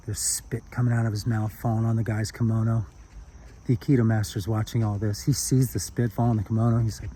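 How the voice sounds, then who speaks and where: A man's voice: lowish voice, level tone, fairly quick, mellow, a little hiss or hum. A man telling a spiritual story outdoors in an earnest, heartfelt way.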